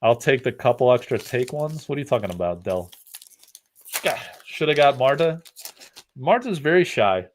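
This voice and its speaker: There's a little hiss or hum behind this very animated man, who speaks at a moderate pace in a mid-range voice. He's an upstate New Yorker hosting a card-opening livestream, and his casual chat wanders loosely with lots of fillers.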